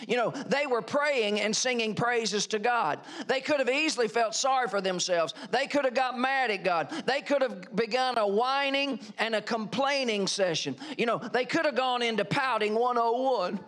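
High-pitched guy preaching, middle-aged pastor, punchy and animated, lots of questions to the crowd. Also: moderate pace, hardly any pauses. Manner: animated, emphatic preaching with rising exclamations and rhetorical questions. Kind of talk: sermon.

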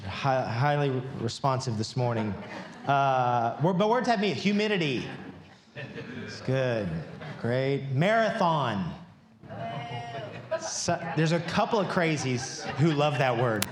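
A man's voice: mid-range voice, lively intonation, slow pace, a crowd in the background. A man preaching a sermon in a large church, chatting and joking with the congregation before reading from scripture. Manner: conversational and playful, joking with the congregation. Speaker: pastor. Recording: echoey church hall.

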